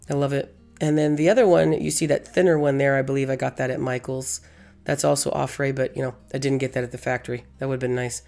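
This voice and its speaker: A woman with a hoarse, gravelly voice from losing it, chatting through a crafting tutorial as host, rambling and correcting herself. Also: low voice, warm tone. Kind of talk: casual crafting tutorial voice-over.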